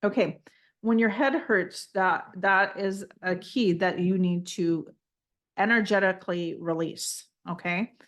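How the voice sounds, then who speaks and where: A woman leading a guided healing session, speaking gently and reassuringly, calling the listener honey and checking in with "okay?" often. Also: medium pitch, a little slow. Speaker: spiritual energy healer.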